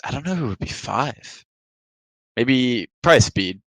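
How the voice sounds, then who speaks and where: A man on a podcast as the guest, chatting casually and trailing off into quiet mumbles. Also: medium pitch, animated, a little slow, no room sound, poor audio. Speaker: podcast guest, pro esports player. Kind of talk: casual chat.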